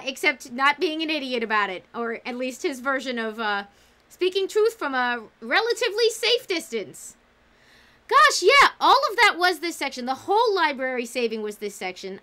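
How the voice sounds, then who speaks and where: A woman's voice: sits high, pushed and bright. A woman hosting a casual livestream book club, talking enthusiastically and reading out chat comments.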